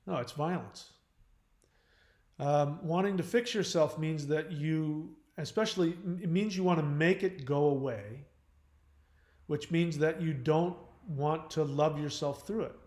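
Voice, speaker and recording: A man speaks frankly and bluntly as he hosts a live advice stream, answering questions from chat. His delivery rambles loosely with fillers and restarts, and his voice sits a little high. The sound carries a clear roomy echo. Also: measured pace, a little mellow. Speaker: channel host on relationships and codependency.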